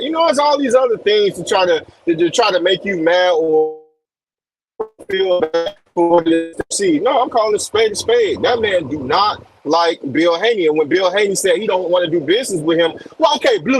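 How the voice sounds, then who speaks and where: High-voiced emphatic man on a call. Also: expressive, moderate pace, faint music behind, low-quality recording. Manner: emphatic, repeats points. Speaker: guest on call. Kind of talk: casual boxing chat.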